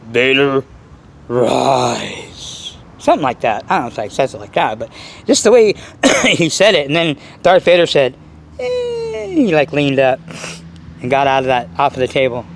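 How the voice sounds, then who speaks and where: A man talking to camera about his hobby in a casual, boastful, rambling way, full of restarts and excitement. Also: medium pitch, fairly quick. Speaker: RC nitro hobbyist vlogger.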